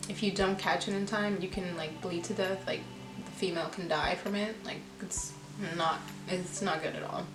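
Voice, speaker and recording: A woman vlogger calmly recounting a hard personal experience in a candid storytime, with many "like"s and "you know"s. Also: mid-range voice. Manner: candid, reflective, lots of fillers. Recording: echoey room with music behind.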